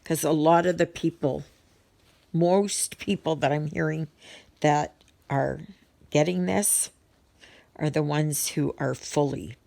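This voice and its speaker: Stitching as she goes, this middle-aged woman vlogger chats to viewers with a warm, low-pitched voice and vocal fry. She takes it slowly, leaves long pauses, and rambles casually through plenty of ums and restarts.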